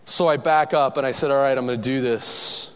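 A man telling a lively, self-mocking personal story to an audience, acting out the voices of the people in it. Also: mid-range voice, fairly quick, smooth, in a large hall.

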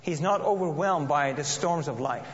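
High-voiced man preaching in an echoing hall. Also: normal speed. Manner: earnest, repeats and restarts phrases. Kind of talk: sermon with scripture reading. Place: church. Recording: dull lo-fi audio in a reverberant hall.

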